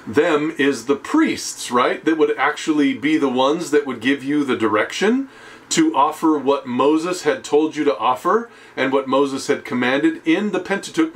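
A man preaching a sermon in a fairly high voice. He talks conversationally, often checking in with his listeners, and slows down and softens to a hush when he stresses a point. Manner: conversational preaching with tag questions; slows down and drops to a hushed tone on key phrases.

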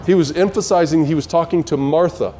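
A man's voice: fairly high pitch, a little fast, dark tone, slight background noise. A man teaching a Bible study, emphatic and full of rhetorical questions to his listeners.

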